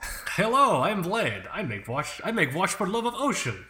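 Man doing a hammy watchmaker voice, thick put-on accent, high and bouncy. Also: sing-song, moderate pace, sharp tone, echoey room, heavily acted.

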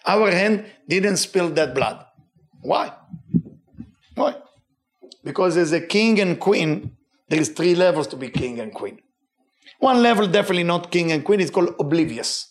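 A man teaching a weekly Torah lesson with a noticeable non-native accent, animated, swinging his pitch and repeating for emphasis. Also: normal speed.

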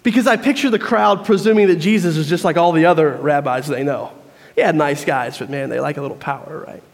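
A man's voice: a little high, a little fast. A man preaching a sermon, telling a story and acting out crowd voices. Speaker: pastor. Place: church. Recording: long reverb of a church hall.

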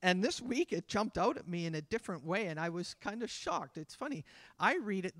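A pastor in his fifties preaching a conversational sermon, acting out little scenes in soft voices. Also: high-pitched, lively intonation, brisk, no room sound, studio quality. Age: 50s. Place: church.

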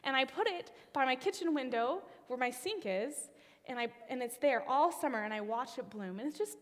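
High-voiced woman preaching in a reverberant hall. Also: moderate pace. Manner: expressive, trailing phrase ends into a whisper. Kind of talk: sermon with a personal story.

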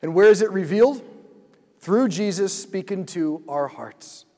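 Heard in a large hall, a high-voiced man speaks a little slowly as he preaches at a multi-night church gathering. He tells stories with animation, dramatizing what went through his mind.

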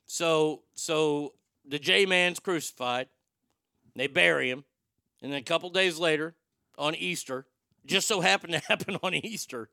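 A man's voice: fairly high pitch, measured pace, gravelly, sharp tone, no room sound, studio quality. A man hosting a talk show, riffing in casual, irreverent, joking banter.

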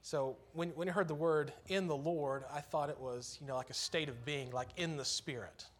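A man's voice: a little high, moderate pace. A man preaching a sermon in church, earnest and conversational, lifting his voice on key phrases.

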